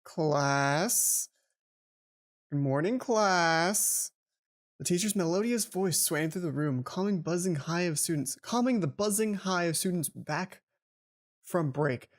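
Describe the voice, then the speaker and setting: A man's voice: high voice, lively intonation, normal speed. A man hosting a let's play, reading the game's text aloud and breaking off into stumbling asides. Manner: stumbling self-interrupting asides, restarts.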